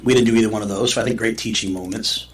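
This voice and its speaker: A man's voice: on the low side, fairly even intonation, rapid-fire, slightly rough. A man, a head football coach, answering press conference questions in a rambling way, restarting phrases and saying "you know" a lot.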